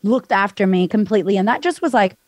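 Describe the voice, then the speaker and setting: A woman's voice: mid-range voice, expressive, fast talker, darkish tone, no room sound. A woman guest on a podcast, frankly retelling a hard personal story with lots of "like". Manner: frank, breathless retelling full of "like", acts out voices.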